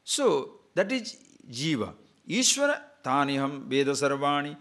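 A man's voice: on the high side, measured pace. A man giving a spiritual discourse on scripture, asking rhetorical questions and wandering into stories. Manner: animated, rhetorical questions, digressive storytelling. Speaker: spiritual teacher.

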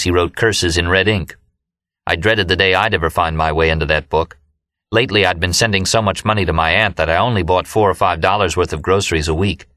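A man narrating an audiobook in a steady, measured storytelling manner. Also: low voice, no echo, studio quality. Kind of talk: scripted narration.

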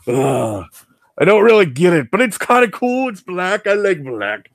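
Guy doing a boastful symbiote antihero, goofy excited unboxing, voice bouncing all over. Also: high-pitched, measured pace, gravelly, no echo, studio quality, heavily acted. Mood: excited playful. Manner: goofy, excitable, answers himself with "yes". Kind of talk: in-character comic unboxing.

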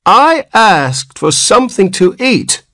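Cranky newborn old-timer, cracked and whiny, pitched way up. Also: male voice, sing-song, takes it slowly, a bit bright, dry recording, clean studio sound, heavily acted. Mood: shrill whining. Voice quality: cracked, ancient voice. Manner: querulous whine, rising to shrill protest. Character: cranky ancient old man born as baby.

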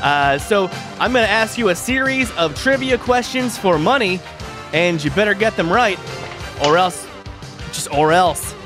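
A man's voice: high voice, lively intonation, a little slow. A man hosting a live radio show, joking around in a goofy, playful announcer style. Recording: faint music behind.

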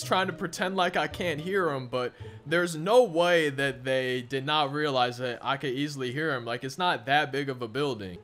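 A young man tells a long, meandering story while he plays a game, and his voice sits a little on the high side. He keeps restarting his sentences and padding them with fillers. Faint music plays underneath. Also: normal speed, fairly bright tone. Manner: rambling, frequent restarts and "like". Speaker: gaming storyteller. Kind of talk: casual story time over gameplay.

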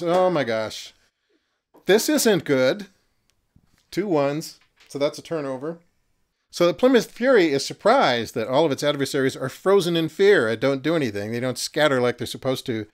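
A man narrating and refereeing a horror miniatures game, chatty and quick to laugh at his own jokes. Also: a little high. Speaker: game master.

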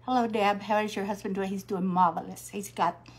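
An older woman, chatting slowly on a craft livestream, greeting viewers by name while she paints. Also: medium pitch, fairly even intonation, slightly rough. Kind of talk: casual live-stream chat while painting.

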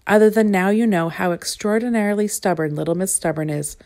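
A woman reading a children's picture book aloud with expressive, playful asides to the listener. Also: mid-range voice, brisk. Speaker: storybook reader.

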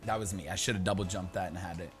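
A young man chatting through live gameplay, talking to his teammate and breaking into excited shouts. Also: low-pitched, very fast, music in the background. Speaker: gaming YouTuber. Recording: background noise.

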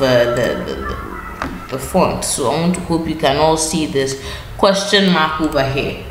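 Woman teacher going over punctuation, lowish voice, repeats herself patiently, roomy echo w faint hum. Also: a bit bright. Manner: patient, repeats key phrases, self-correcting. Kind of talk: online grammar lesson over screen share. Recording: echoey room with faint ambient noise.

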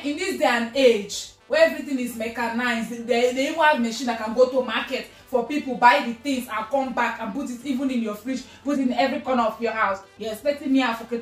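A woman's voice: fairly high pitch, roomy sound, far from the mic. A woman with a Nigerian accent acting in a comedy sketch, talking in a whiny, pleading, playful way. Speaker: comedy sketch performer playing younger sister.

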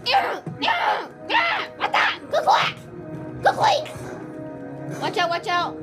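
Brief: a very high, lively female voice, slow between outbursts, yelling and trash talking over gameplay with game music underneath. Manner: loud yelling reactions and trash talk. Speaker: gameplay commentator. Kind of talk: excited gameplay commentary.

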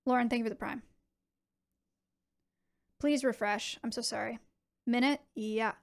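A woman's voice: fairly high pitch, vocal fry. Chatty young woman streamer. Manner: animated, talks to chat, quick asides. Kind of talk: casual chat with viewers.

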